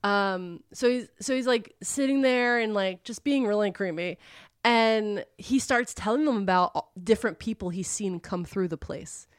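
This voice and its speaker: A woman's voice: medium pitch, moderate pace, clean tone, no room sound, clean studio sound. A young woman casually retelling a book's plot, rambling and full of fillers. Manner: rambling, filler-heavy, acts out character lines. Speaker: podcast co-host retelling a novel. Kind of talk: casual storytelling chat.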